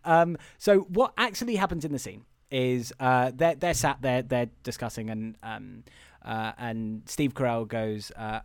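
A man co-hosting a podcast, casually recapping a movie in a rambling, animated way with impressions. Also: medium pitch, moderate pace, vocal fry, no room sound, studio quality. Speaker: podcast co-host.

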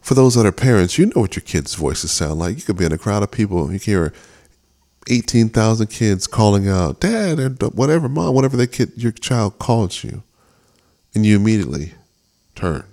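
A man's voice: lowish voice, expressive, normal speed, dark tone. Earnest man giving a devotional talk. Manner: earnest, repeats and restarts words. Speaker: podcast host.

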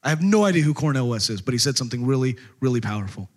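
A man's voice: mid-range voice, expressive, very fast. A man from Texas, preaching a sermon in a joking, conversational way full of rhetorical questions. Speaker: pastor.

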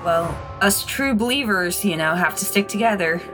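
A woman playing a character in a tabletop game, playful and quick to laugh. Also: on the low side, animated, over music, rough recording. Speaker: player.

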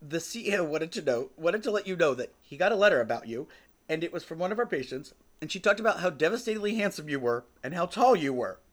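A man's voice: a little high, big pitch swings, quick pace, voice pushed up. A man voicing a woman hospital manager who passes on news in a plain, reporting manner. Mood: matter-of-fact.

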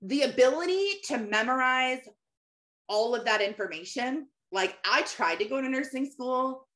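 A woman's voice: sits high, expressive, normal speed, fairly bright tone. A woman in her thirties giving casual, encouraging faith-based coaching, chatting to viewers by name and laughing often. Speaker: Christian mentor hosting a live session.

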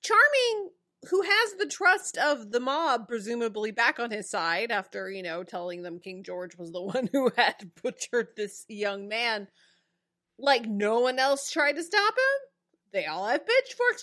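A woman in casual chat, critiquing a show in an expressive, exasperated way. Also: a little high, measured pace. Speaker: podcast co-host.

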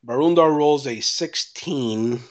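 A man's voice: medium pitch, takes it slowly. A middle-aged man playing a tabletop game, with dry, self-mocking humor. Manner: dry, self-mocking, speaks in character at times. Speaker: player. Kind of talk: casual tabletop play.

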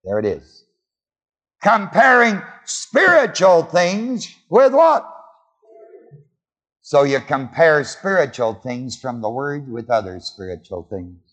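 A man's voice: a little high, sing-song, slow pace, a bit bright. A man preaching a sermon, quizzing his congregation with call-and-response questions. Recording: long hall reverb.

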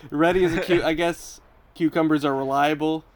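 A man's voice: fairly high pitch, steady tone, normal speed, a little hiss or hum. A man from Canada, hosting a podcast in a casual, friendly chat, teasing and playing along with jokes. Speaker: podcast host.

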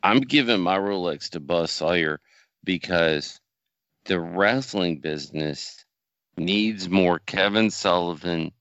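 A man with a low but bright, forward voice, chatting casually on a podcast. He makes wry jokes and states firm opinions. The sound is dry and close. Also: slow pace, no echo, dull audio. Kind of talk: casual chat.

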